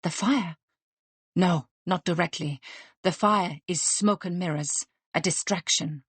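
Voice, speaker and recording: A woman's voice: fairly low pitch, slightly rough, dry recording. A woman voicing a willowy, courtly male restaurant manager who speaks in a formal, decorous way. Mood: grave. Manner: formal, decorous, measured speech.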